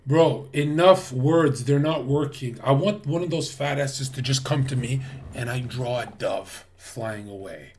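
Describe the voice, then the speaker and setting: A man's voice: mid-range voice, measured pace, a little mellow, distant mic, a little hiss or hum. A man streaming to his chat, ranting in a blunt, preachy way with lots of swearing. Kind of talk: livestream rant to chat.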